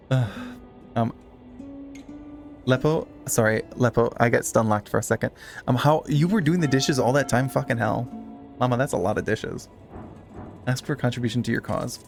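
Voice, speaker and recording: Gravelly, chatty male streamer. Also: mid-range voice, normal speed, long pauses, faint music behind. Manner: chatty, swears freely, reads game text aloud. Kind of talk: casual live-stream chat while gaming.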